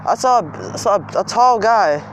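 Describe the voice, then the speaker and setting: A man's voice: high-pitched, expressive, a little slow, a bit bright, slight background noise. A young man telling a personal story outdoors in a casual, rambling, emphatic way. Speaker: vlogger. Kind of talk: storytime vlog. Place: outdoors in the cold.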